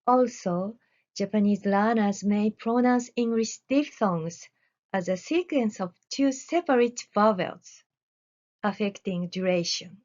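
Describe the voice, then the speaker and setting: A woman researcher talks through an academic presentation in a mid-range voice, reading deliberately with careful pauses between phrases. Her pace is slow and unhurried. The recording is dull and lo-fi. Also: mid-range voice, a little mellow.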